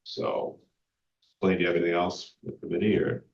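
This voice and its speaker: A man's voice: low-pitched, level tone, a little fast, gravelly. A man with a New England accent, a public works official giving a casual, filler-laden report at a town meeting. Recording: roomy, distant, dull community TV audio.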